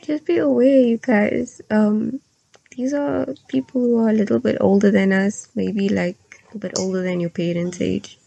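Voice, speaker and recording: Gravelly-voiced young woman explaining calmly. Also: medium pitch, no room sound, highs cut off. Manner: measured, explaining step by step. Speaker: podcast co-host. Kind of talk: casual chat.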